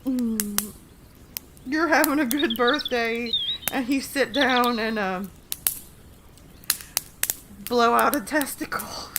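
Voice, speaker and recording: A woman's voice: on the high side, takes it slowly, pauses often, background noise. A woman hosting a casual livestream. She chats and giggles with her viewers as she reads short horror stories aloud. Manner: chatty, giggly, talks to chat. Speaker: livestream host.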